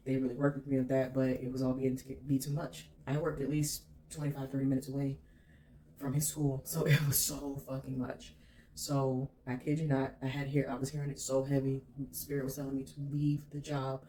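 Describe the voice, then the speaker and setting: A woman's voice: rumbling low, mellow, a little hiss or hum. A woman vlogger telling a personal story in an emphatic, candid way, swearing freely.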